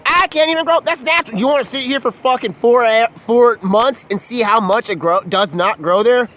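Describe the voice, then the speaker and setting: A young man in a rambling, profane monologue, excitable and jumping between mumbled asides and loud outbursts. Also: extremely high pitch, moderate pace, slight background noise.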